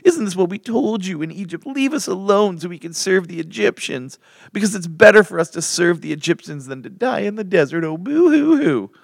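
A man voicing the complaining Israelites in a high, whiny, sobbing voice. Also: animated, fairly quick, vocal fry, dry recording, full character voice. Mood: whining. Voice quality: whiny, sobbing boo-hoo. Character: whiny complaining Israelites, a crowd of grown people.

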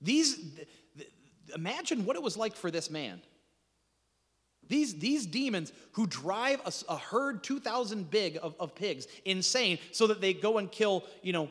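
Male pastor, high-pitched and animated, preaching in a reverberant church hall. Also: moderate pace. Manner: conversational preaching with frequent restarts and rhetorical questions. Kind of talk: sermon.

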